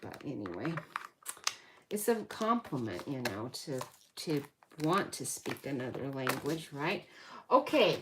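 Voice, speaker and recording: A woman's voice: rumbling low, big pitch swings, a little slow. A woman hosting a card-making tutorial, chatting casually and thinking aloud as she works at her craft table. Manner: chatty, thinks aloud, self-correcting, laughs at herself. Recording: loud background noise.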